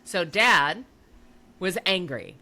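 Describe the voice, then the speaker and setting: A woman in casual podcast conversation, telling an animated anecdote and quoting what others said. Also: lowish voice, slow pace. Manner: animated storyteller, quotes others' words. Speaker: podcast co-talker. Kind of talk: casual chat.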